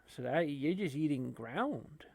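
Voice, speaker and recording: Laughing between remarks, a channel host rambles through casual commentary on a wrestling video game, full of fillers and restarts. He sounds animated, a little high and a little slow, with vocal fry and no echo.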